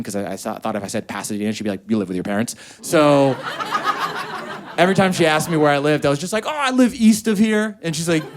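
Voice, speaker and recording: A man doing a stand-up comedy set on stage, telling stories animatedly and acting out quotes in high voices. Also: smooth. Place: comedy stage before a live audience.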